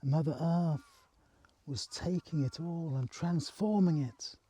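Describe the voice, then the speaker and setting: Slow, mellow-voiced man telling a spiritual story. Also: fairly high pitch, husky, dry recording. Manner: soft, halting, earnest, emotional.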